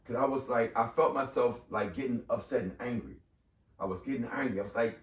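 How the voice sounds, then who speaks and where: A man's voice: medium pitch, a little fast. A man in his fifties, a podcast guest, telling a personal story in casual conversation and acting out the voices of people in it. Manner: animated, acts out quoted voices. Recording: echoey room, mic far off.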